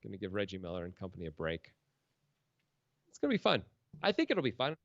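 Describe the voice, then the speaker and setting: A man's voice: fairly low pitch, wildly swooping pitch, fast talker, dry recording, highs cut off. A man commentating a poker stream in a casual, joking, rambling way, often laughing.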